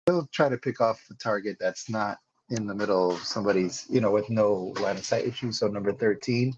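An easygoing man playing a tabletop game, thinking out loud as he takes his turn. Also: on the low side, brisk, muffled recording, a little hiss or hum. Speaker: player. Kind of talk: casual tabletop game chat.

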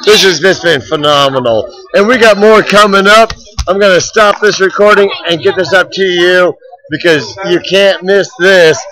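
A man's voice: high voice, moderate pace, bright, forceful tone, rough recording. A man vlogging live outdoors on a flooded boardwalk, exclaiming and laughing as he talks into a handheld laptop mic. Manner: exclaiming, laughing, repeating himself. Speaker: street vlogger filming live. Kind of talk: excited live street commentary. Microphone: laptop built-in microphone, handheld.

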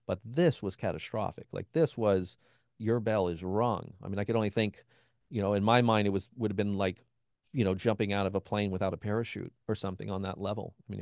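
A man with a fairly low, gravelly voice talks as an interview guest, recounting his experience in a loose, conversational way. He slips into the voices of people he quotes and keeps saying "you know." The sound is close and dry. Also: darkish tone, dry recording. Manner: acts out quoted voices of others; frequent "you know" and restarts. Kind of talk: conversational personal storytelling.

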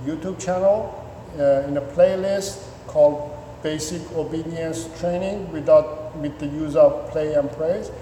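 A man's voice: a little high, slight background noise. Dog trainer, man, echoey room. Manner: repeats words, restarts sentences, acts out excited owner voices. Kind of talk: instructional talk to viewers. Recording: echoey room with long reverb.

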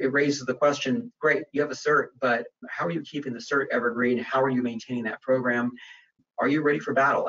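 A man's voice: mid-range voice, fairly bright tone. Man hosting a webinar, muffled and distant. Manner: conversational, many fillers and restarts. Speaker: webinar presenter on data privacy. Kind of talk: webinar Q&A talk.

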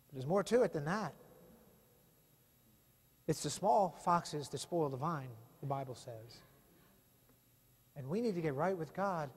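A man's voice: fairly high pitch, husky. A male pastor preaching an impassioned sermon full of rhetorical questions in a church sanctuary. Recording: long reverb of a church hall.

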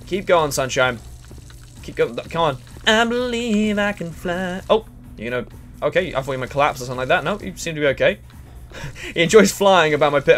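A man giving crude, excitable let's play commentary and chatting to the characters in the game. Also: on the high side. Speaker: gaming channel host.

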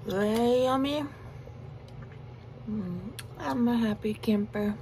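A young woman talks slowly to her phone camera between bites, her voice sitting a bit high. She rambles, giggles and chews through a casual eating vlog, with a faint hiss of room noise behind her. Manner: chatty, giggly, talks while chewing with mouth full. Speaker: mukbang vlogger.

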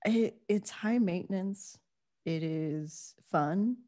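A woman's voice: lowish voice, slow pace, warm tone. A woman who does improv comedy, guesting on a podcast and chatting in a giggly, rambling, self-deprecating way. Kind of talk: casual comedy podcast chat.

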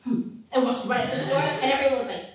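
A chatty teenage girl rambles on, peppering her talk with "like" and acting out what others said, as an actress plays her on stage. Her voice sits fairly high. It rings through an echoey hall, picked up from a distance. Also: quick pace, a little hiss or hum, close to an everyday voice. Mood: gossipy. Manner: rambling with constant "like", quoting others. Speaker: actor in a staged reading. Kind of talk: stage monologue, teen girl gossip. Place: theatre stage.

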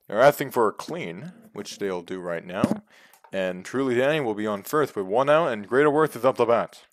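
A man giving play-by-play commentary on a video game baseball league, calm between pitches and yelling on big hits. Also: moderate pace, no room sound. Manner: jumps from calm calls to loud excited yells.

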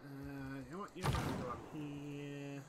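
A man's voice: mid-range voice, little pitch movement, unhurried, heavy background noise. A man giving casual let's-play commentary, chatting to his units and himself over game music. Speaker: gaming channel host.

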